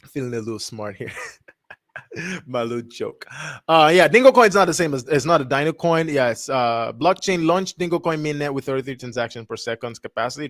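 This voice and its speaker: A man's voice: mid-range voice, a bit bright, dry recording, clean studio sound. A young man hosting a crypto livestream, thinking aloud in a rambling way and reading web text aloud with stumbles and restarts. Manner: rambling, self-correcting, reads text aloud haltingly. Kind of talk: casual thinking-aloud screen review.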